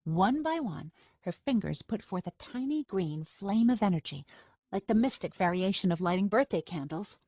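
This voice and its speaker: A woman reading a first-person audiobook in a steady, measured storytelling manner. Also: mid-range voice, no room sound. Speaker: audiobook narrator. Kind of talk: scripted first-person narration. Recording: dry studio recording.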